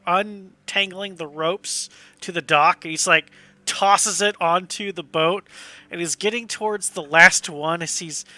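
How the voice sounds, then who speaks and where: A man's voice: high-pitched, sharp tone, no room sound. A man narrating as game master in a tabletop game, easygoing and laughing often.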